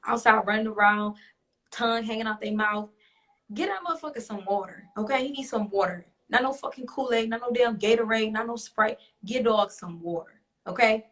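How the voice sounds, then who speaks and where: A woman's voice: on the high side, a bit bright. A young woman hosting a talk show, chatting bluntly with an audience, swearing freely and laughing often. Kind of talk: casual chat to a live audience.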